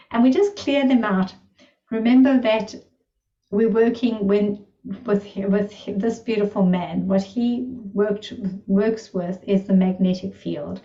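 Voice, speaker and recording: A woman with a mellow, medium-pitched voice teaches energy healing in a casual online lesson, telling stories with delighted, marvelling enthusiasm. The recording sounds distant, roomy and slightly dull.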